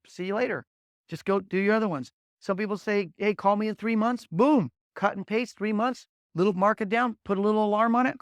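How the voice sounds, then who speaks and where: A man leading a motivational sales training session for new agents, telling energetic stories and driving points home with repeated "guess what" and "okay?". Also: sits high, smooth, dry recording. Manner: blunt, punchy coaching delivery.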